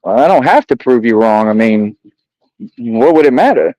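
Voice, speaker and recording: A man's voice: mid-range voice, expressive, moderate pace, dark tone, no echo, poor audio. A man talking straight to camera as a vlogger, boastful and combative, addressing critics in heavy street slang and repeating himself. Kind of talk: defiant monologue to camera.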